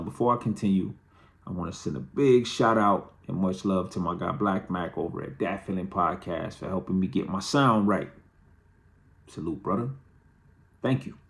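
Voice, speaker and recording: Gravelly low-voiced male storyteller. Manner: candid, conversational, dryly humorous. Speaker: host. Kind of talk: personal storytelling monologue.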